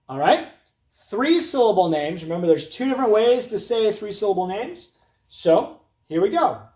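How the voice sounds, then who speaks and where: A man's voice: high voice, very animated, moderate pace, a little mellow. A man teaching an elementary music lesson, chanting names in rhythm over a metronome. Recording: roomy echo.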